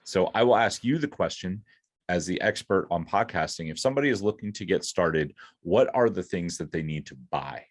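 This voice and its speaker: Deep-voiced man hosting a chatty interview. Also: expressive, moderate pace. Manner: encouraging, chatty, thinks aloud with fillers. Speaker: podcast host. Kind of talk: conversational interview.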